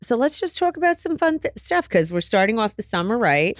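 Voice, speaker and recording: A woman's voice: on the high side, big pitch swings, fairly quick, dry recording, studio quality. A woman co-hosting a podcast, talking in a breezy, playfully teasing way. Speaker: podcast co-host. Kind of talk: casual chat.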